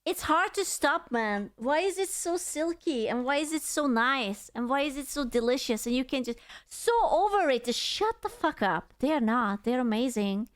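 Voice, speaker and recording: A woman's voice: sits high, expressive, moderate pace, hardly any pauses. A woman streamer giving casual, playful, teasing reaction commentary full of slang. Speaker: VTuber streamer reacting to videos.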